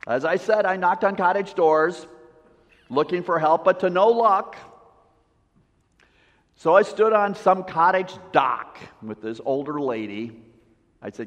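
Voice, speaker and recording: A man preaching a sermon as a pastor, telling a story with lively swings and soft, intimate drops. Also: on the high side, slow pace, long pauses. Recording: long reverb, dull lo-fi sound.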